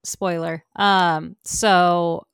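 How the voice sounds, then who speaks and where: A woman's voice: on the low side, level tone, vocal fry, smooth, no room sound, studio quality. A woman co-hosting a casual pop culture podcast, gushing and laughing easily as she recommends shows. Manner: bubbly, gushing, quick laughs. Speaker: podcast co-host.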